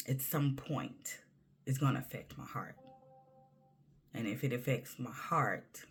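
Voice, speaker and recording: Husky woman, candid monologue. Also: very deep voice. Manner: emphatic and conversational, dropping to near-whispers. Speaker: vlogger.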